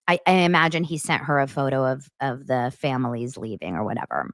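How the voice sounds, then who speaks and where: A woman's voice: extremely low pitch, a little fast, hardly any pauses, no echo, studio quality. A woman hosting a live commentary show, reading out messages and reacting with incredulous, laughing remarks.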